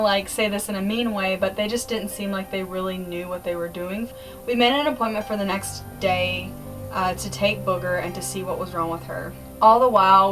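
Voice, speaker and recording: A woman's voice: medium pitch, a bit bright. A young woman telling a personal story in a casual vlog, rambling with many "like"s and "um"s. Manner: rambling with many likes and ums. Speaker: vlogger. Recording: voice a bit distant, faint music.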